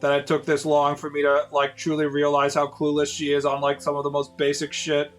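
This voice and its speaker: A man's voice: on the high side, completely flat delivery, a little fast, soft background music. A man in his late thirties, a streamer casually telling rambling, profane stories to his viewers with lots of fillers. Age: 30s.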